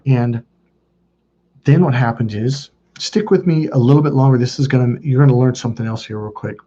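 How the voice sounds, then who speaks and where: A man's voice: medium pitch, fairly quick, dark tone, breathy edge, lo-fi sound. A man working as a dating coach, telling stories in a rambling, profane monologue full of filler words. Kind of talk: casual storytelling monologue.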